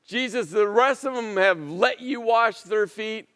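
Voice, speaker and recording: A man's voice: sits high, measured pace, a bit bright, clean tone, in a large hall, pitched above the performer's own voice. A man voicing Peter as an impulsive, stubborn man who protests and refuses with rising agitation. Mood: protesting.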